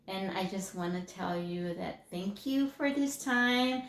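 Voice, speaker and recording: A middle-aged woman speaks to a class in a loose, rambling way, full of fillers and false starts. Her voice sits at an ordinary pitch for a woman. The room adds a clear echo around her. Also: slow. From Mexico. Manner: rambling, many fillers and restarts. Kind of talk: personal story talk. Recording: echoey room.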